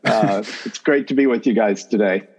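A middle-aged man with a North Carolina accent, a math education professor telling his story in a relaxed, chuckling way as a podcast guest. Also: fairly low pitch, moderate pace, breathy edge, low-quality recording. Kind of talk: conversational interview.

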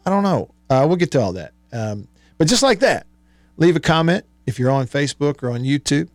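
A man's voice: on the high side, big pitch swings, brisk, no room sound. A man hosting a radio talk show, chatting loosely, laughing often and reading sponsor plugs. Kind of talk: casual sports-talk radio chat. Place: radio studio.

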